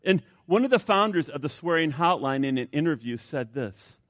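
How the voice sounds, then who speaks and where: A man preaching a sermon in a joking, conversational way, with a lot of "you know" and restarts. His voice sits a little high for a man, and the sound is close and dry. He talks like a pastor easing his congregation toward a point. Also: expressive, normal speed, no room sound. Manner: conversational and humorous, with many fillers and restarts.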